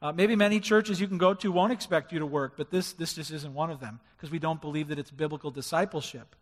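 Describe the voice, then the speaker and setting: High-voiced pastor preaching in a big hall. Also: male voice, quick pace. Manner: preaching with rising emphasis and acted-out quotes. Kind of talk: sermon. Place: church sanctuary.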